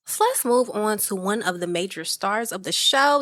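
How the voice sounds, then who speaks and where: A woman hosting a casual music review podcast, chatty and animated, acting out how her friends react. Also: mid-range voice, normal speed, few pauses, no room sound, clean studio sound. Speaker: podcast host.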